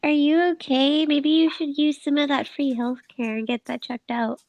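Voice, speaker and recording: A high-voiced woman pokes fun at her co-hosts over a voice call. She quips quickly and teasingly, then laughs along with them. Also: flat delivery, lo-fi sound. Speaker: podcast co-host. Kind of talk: casual teasing chat.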